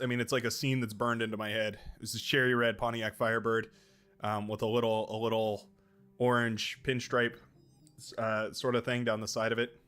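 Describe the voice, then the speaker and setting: A man's voice: mid-range voice, fairly bright tone. Chatty male game streamer. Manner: chatty, rambling, joking asides. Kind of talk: casual gameplay commentary.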